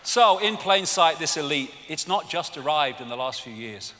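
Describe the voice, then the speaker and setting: A man's voice: a little high, expressive, moderate pace, sharp tone, some chatter behind, slight background noise. A man giving an arena lecture, ranting and sarcastic, swearing freely. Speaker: public speaker. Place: large indoor arena. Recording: big hall reverb with audience.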